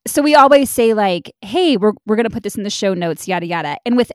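A woman's voice: mid-range voice, expressive, fast talker, a little mellow, no echo, studio quality. A woman co-hosting a podcast in casual chat, talkative and laughing often, swearing now and then. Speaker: podcast co-host.

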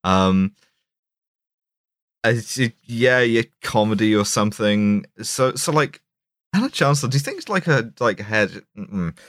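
A man with a low voice, co-hosting a podcast and reviewing a film in casual chat. He riffs in dry, ironic, mock-academic tones and stumbles over fillers. The recording is close and dry. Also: lively intonation, unhurried, a bit bright, dry recording. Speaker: podcast co-host.

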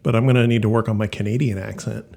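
A man co-hosting a casual podcast, trading dry, deadpan quips. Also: fairly low pitch, quick pace, gravelly. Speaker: podcast co-host. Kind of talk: casual banter.

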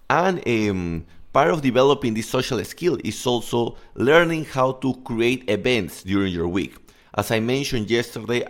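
A man in his thirties, a native Spanish speaker, coaching in a casual podcast monologue, candid and loose, swearing and slipping into Spanish asides. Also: mid-range voice. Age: 30s.

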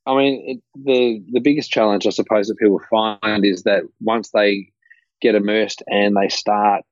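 A man's voice: fairly low pitch, dry recording. A man co-hosting a podcast, upbeat and encouraging, often repeating his phrases. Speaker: podcast co-host. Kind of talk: casual chat. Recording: dry, muffled mic.

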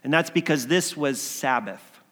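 A man telling a story as a sermon, swinging between emphatic lines and hushed ones. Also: fairly high pitch, animated, measured pace. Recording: long hall reverb.

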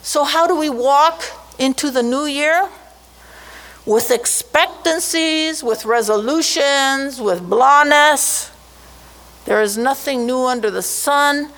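A woman preaching a sermon, slow and emphatic, lifting her voice sharply on key words. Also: high voice, a bit bright.

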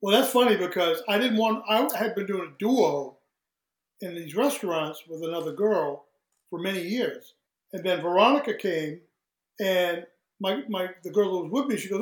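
A man telling lively stories as a guest in a casual interview, acting out what people said and laughing often. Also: sits high, moderate pace, echoey room, rough recording. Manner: animated storyteller who acts out quoted voices, laughs often. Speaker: guest, singer.

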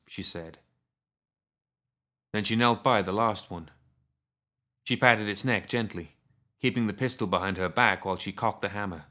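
A man reading a story aloud as narrator, in a steady, measured way. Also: on the low side.

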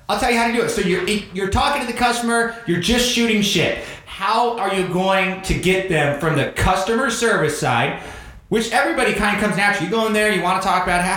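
Animated, swearing man in an echoey room. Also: sits high. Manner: animated, swears, acts out quotes. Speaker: podcast host. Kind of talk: casual sales coaching chat.

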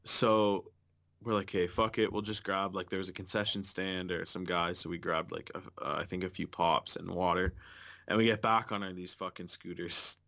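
A man co-hosting a podcast, casually telling a lively travel story and swearing often. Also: deep voice, moderate pace, vocal fry. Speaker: podcast co-host.

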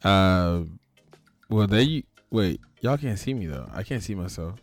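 A man hosting a casual online chat show on a video call, lively and joking, laughing often and trailing off into fillers. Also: low voice, measured pace, faint music behind. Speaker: podcast host.

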